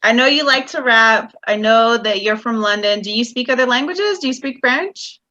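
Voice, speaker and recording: A woman's voice: a little high, animated, normal speed, sharp tone, muffled recording. A woman from the United States hosting an interview, chatty, enthusiastic and curious. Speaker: interviewer host. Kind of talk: casual interview.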